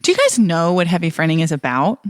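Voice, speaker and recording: A woman's voice: on the low side, huge pitch swings, fast talker, no room sound, studio quality. A woman co-hosting a comedy podcast, teasing and chatty in playful banter. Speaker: podcast co-host.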